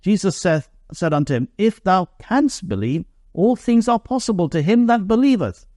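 Man, preacher, sermon, earnest, mellow tone, dry close sound. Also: high voice, animated, no room sound. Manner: earnest, slows and rises on quoted verses. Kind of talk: sermon with scripture reading.

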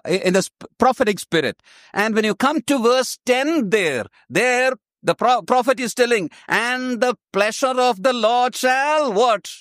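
A man with a high voice delivers a sermon at an unhurried pace. He leans on emphasis and repeats his main phrases. The sound is close and dry. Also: fairly bright tone, dry recording. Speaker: preacher.

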